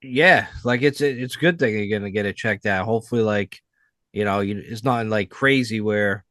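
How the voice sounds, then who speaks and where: A man hosting a podcast, chatting casually and excitedly, with lots of "like" and "you know". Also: fairly low pitch, fairly quick, no room sound, clean studio sound. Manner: loose, excitable, lots of fillers. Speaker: podcast host. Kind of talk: casual chat.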